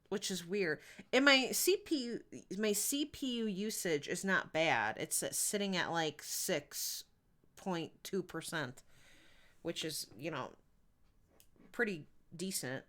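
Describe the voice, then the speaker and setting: A woman's voice: medium pitch, big pitch swings, takes it slowly, fairly bright tone. A woman streaming a video game, chatting casually and giggling as she rambles. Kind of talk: casual live-stream chat while gaming.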